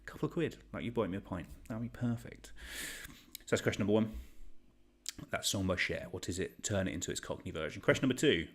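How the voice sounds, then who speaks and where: Chatty quiz host, lowish voice. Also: male voice, lively intonation, quick pace, breathy edge. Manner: chatty, rambling, joking. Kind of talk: live online quiz hosting.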